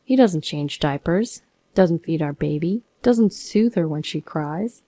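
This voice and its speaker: A woman's voice: deep voice, lively intonation, unhurried, few pauses, dark tone, no echo. A woman narrating her own story in the first person, sounding aggrieved and fed up.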